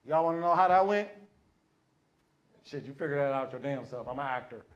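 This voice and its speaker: A man doing stand-up comedy, telling an animated, profane story and acting out the voices of others. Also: medium pitch, fairly quick, lo-fi sound, heavy background noise. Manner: profane, slangy. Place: comedy stage before a live audience.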